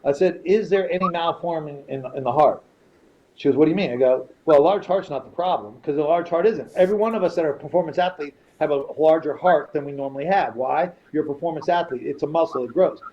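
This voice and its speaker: Speaking a little high and a little fast, this middle-aged podcast guest swears freely as he tells an animated story, voicing the people in it by quoting them. The audio is slightly dull and carries faint noise.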